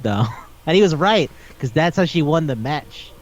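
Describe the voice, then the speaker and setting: Animated, foul-mouthed man on a lo-fi podcast. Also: on the high side. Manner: animated, profane, acts out characters in quick voices. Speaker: podcast co-host. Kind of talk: casual chat about anime and manga. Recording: dull lo-fi sound.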